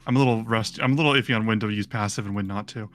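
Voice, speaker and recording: A man's voice: fairly low pitch, very fast. A man running a tabletop game as game master, narrating loosely with frequent ums and restarts. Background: soft background music.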